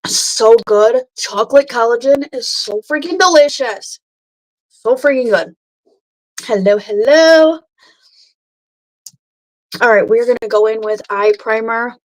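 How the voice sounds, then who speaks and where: Woman in her thirties, makeup livestream host, slightly high voice, chatty, greets viewers by name. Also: slow pace, pauses often, poor audio. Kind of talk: casual livestream chat and makeup tutorial. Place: home at night.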